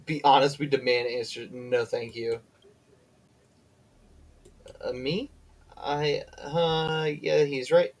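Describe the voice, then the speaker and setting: A man's voice: medium pitch, fairly even intonation, slow pace, pauses often, rough recording. Tired man reading game lines aloud. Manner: reads aloud with slips and self-corrections, breaks off to chat. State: tired and yawning. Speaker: streamer. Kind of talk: reading game dialogue aloud on a live stream.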